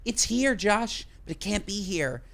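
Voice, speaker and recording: A man in his thirties co-hosting a casual podcast chat, animated and jokey, swearing freely. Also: a little slow, vocal fry. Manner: animated, swearing, jokey, lively pitch swings. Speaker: podcast co-host.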